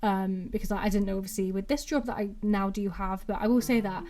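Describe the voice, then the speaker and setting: A woman in her twenties from England hosts her own podcast, rambling casually in an accent that blends Brummie and Mancunian. Her voice is medium-pitched and mellow, steady in tone, and she talks fast, filling her chatter with constant "like"s.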